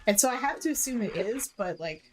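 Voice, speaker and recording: A woman talking through her own game playthrough in a relaxed, casual way. Her pitch moves a lot within each phrase. She sits in a middle register. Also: brisk, slight background noise. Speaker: game player. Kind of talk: casual gaming chat.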